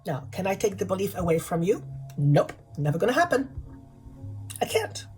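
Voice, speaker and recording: Woman, healer, spiritual guidance talk, repetitive questioning, soft background music. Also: mid-range voice, very animated, normal speed, poor audio. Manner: repeats key questions for emphasis. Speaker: channeler and energy healer.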